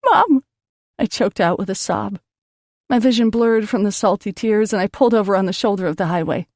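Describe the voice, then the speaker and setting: A woman's voice: medium pitch, a little fast, a little mellow, no echo, studio quality. A woman narrating an audiobook in an emotional first-person reading.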